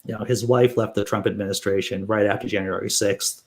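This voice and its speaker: A man's voice: fairly low pitch, fairly quick. A man hosting a casual political commentary stream, reading news aloud with sarcastic asides and answering chat. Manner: sarcastic, animated, laughs while reading.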